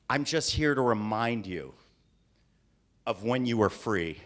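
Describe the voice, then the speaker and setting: A man leading a live, interactive creativity talk for an audience, theatrical and animated, often acting out voices and scenes. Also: medium pitch. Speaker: creativity workshop speaker. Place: lecture hall with audience.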